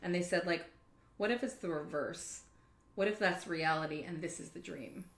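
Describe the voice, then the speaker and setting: A woman's voice: on the low side, normal speed, vocal fry, roomy sound. A woman in a casual podcast conversation, telling stories animatedly and swearing freely, with many fillers.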